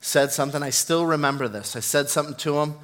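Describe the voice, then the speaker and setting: A man's voice: on the high side, fast talker, fairly bright tone. A man preaching a sermon, earnest and building to fervent emphasis, mixing in personal stories. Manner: tells personal stories with self-deprecating laughs.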